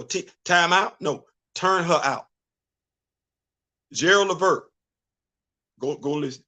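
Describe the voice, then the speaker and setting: A man's voice: mid-range voice, fairly bright tone. A middle-aged man hosting a casual livestream, talking in loose slang, stammering through repeated restarts and breaking into bits of song. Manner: repetitive, stammering restarts, sings snatches of songs. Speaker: host. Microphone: streaming setup.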